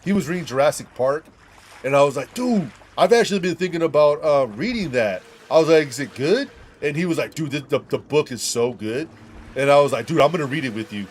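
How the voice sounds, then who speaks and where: A man's voice: a little high, lively intonation, brisk, slight background noise. A young man streaming a game, telling a rambling, profane story and saying "dude" and "like" a lot. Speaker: gaming streamer. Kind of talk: casual storytelling while gaming.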